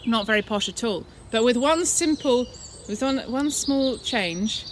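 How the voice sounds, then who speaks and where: A playful woman with a fairly high voice leads children through an activity lesson and then tells them a story. She speaks straight to her young audience, warm with encouragement. She was recorded outdoors in woodland, and birdsong carries clearly behind her. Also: animated, unhurried, slight background noise. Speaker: children's church leader.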